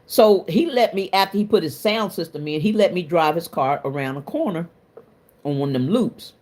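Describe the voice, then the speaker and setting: A woman's voice: on the low side, expressive, normal speed, darkish tone. A middle-aged woman hosting a livestream, telling a story to her chat in a colloquial, self-mocking way with frequent laughs. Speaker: livestream host. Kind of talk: casual storytelling to a live chat.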